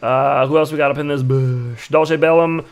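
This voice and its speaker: A man hosts a live stream with a hoarse, worn-out voice that is almost gone. He keeps it relaxed and casual, rattling off greetings to viewers in chat one after another. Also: a little high, moderate pace. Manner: laid-back, greets chat viewers by name. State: hoarse, losing his voice.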